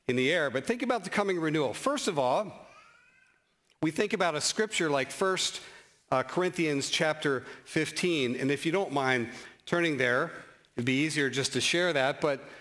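A man preaching a sermon as pastor, animated, with sudden rises in pitch and slow, emphatic scripture reading, plus some self-deprecating humor.

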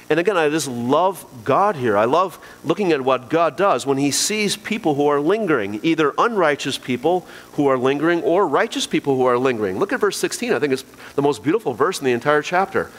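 A man's voice: a little high, lively intonation, fairly quick. A man preaching a sermon to his congregation, earnest and emphatic, repeating key phrases. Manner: earnest, emphatic repetition, addresses congregation directly. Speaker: pastor. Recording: long hall reverb.

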